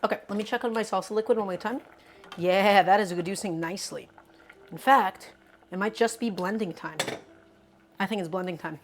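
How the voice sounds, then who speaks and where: A woman talks casually as she cooks at her stove at home, upbeat and chatty, turning often to greet and answer her viewers. Her pitch sits in the middle range. A faint room ambience hums softly behind her voice. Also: brisk, pauses often, a little hiss or hum. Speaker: cooking streamer. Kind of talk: casual live cooking chat.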